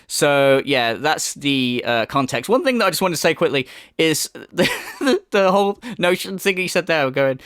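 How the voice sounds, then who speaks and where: Brief: male commentator, profane and sarcastic, voice that swings up and down, slightly high, dry close sound. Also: animated, normal speed, a bit bright, clear, resonant tone, no room sound. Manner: profane, mocking, exasperated. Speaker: commentary host. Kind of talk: ranting reaction commentary.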